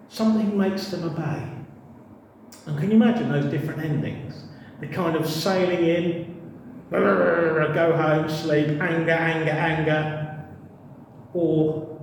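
A man preaching a sermon in a church, animated and humorous, acting out little voices as he tells the story. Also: a little high, normal speed, slight background noise. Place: church hall. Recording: distant mic in echoey hall.

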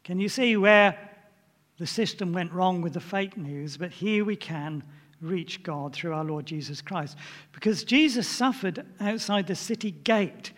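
A man's voice: high-pitched, measured pace, a bit bright, in a large hall. An older man giving an informal sermon in a chatty way, often putting questions to his listeners. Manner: chatty, asks the audience questions. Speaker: preacher.

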